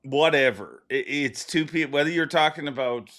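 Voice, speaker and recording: A man hosting a podcast, chatting loosely with his guest, rambling through his thoughts with quick laughs. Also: a little high, a bit bright. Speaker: podcast host. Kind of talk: casual interview chat.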